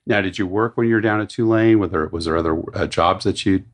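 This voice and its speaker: A man hosting a podcast interview, asking relaxed, leading questions and laughing along with his guest. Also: low voice, quick pace. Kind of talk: conversational interviewing.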